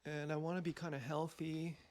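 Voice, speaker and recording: A man's voice: on the high side, flat delivery, brisk, darkish tone, slight background noise. A man vlogging in a meandering, stream-of-consciousness monologue, full of fillers and casual swearing. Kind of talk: rambling personal monologue.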